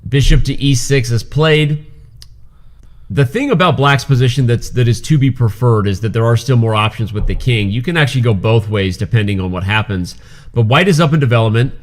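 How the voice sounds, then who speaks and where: A man's voice: medium pitch, a little fast. Playful man commentating live chess. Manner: joking, playful, bantering.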